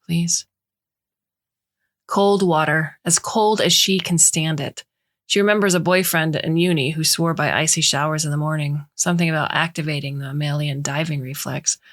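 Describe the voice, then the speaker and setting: A woman narrating a short story in a measured, even way. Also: low voice.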